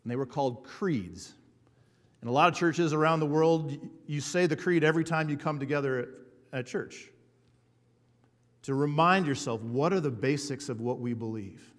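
A man preaching a sermon as a pastor, earnest and building emphasis with slow repeated words. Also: fairly high pitch. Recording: hall reverb.

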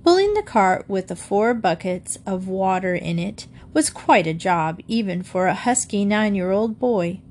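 A woman reading a children's book aloud to listeners in a gently expressive way. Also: medium pitch, measured pace, few pauses, slight background noise. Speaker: storyteller.

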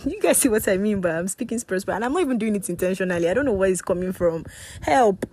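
Expressive and quick, this young woman speaks at medium pitch in a slightly rough, somewhat mellow voice. She chats casually on a podcast she hosts alone, rambling, correcting herself and often laughing.

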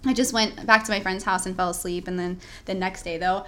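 A woman's voice: medium pitch, fairly quick. A young woman in casual chat, telling a story and acting out what people said, with lots of "like.". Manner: animated, acts out quoted voices, says "like" often.

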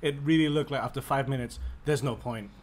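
A man co-hosting a podcast in casual chat, talking quickly and laughing often. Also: medium pitch. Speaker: podcast co-host.

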